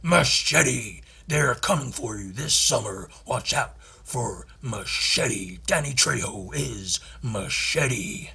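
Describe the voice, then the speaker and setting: A theatrical movie-trailer announcer, as a man puts him on, stretching every word with mock gravity. The voice is sharp and husky, slowing down for the big reveal. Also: medium pitch, expressive, full character voice. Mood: dramatic. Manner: dramatic, drawn-out trailer delivery.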